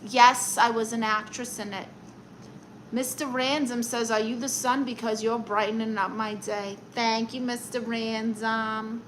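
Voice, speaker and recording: A woman's voice: a little high, steady tone, unhurried, a bit bright, a little hiss or hum, low-quality recording. Sassy Brooklyn woman roasting her chat. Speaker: live-stream host reading chat. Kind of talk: casual live-stream chat.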